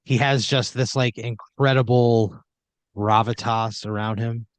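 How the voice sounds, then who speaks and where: A man's voice: mid-range voice, steady tone, a little slow, clean tone, dry recording. A young man hosting a podcast, improvising a comedy story in a rambling, swearing, filler-heavy way.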